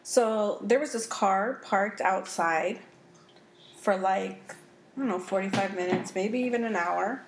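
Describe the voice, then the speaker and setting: A woman hosting a podcast in casual chat, telling stories in an animated, profane way. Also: mid-range voice, unhurried. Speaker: podcast host. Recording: echoey room with faint noise.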